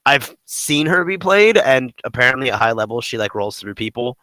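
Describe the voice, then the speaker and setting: A man co-hosting a casual gaming podcast, talking in a rambling, animated way with many fillers. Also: medium pitch, normal speed, no room sound, rough recording. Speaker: podcast co-host.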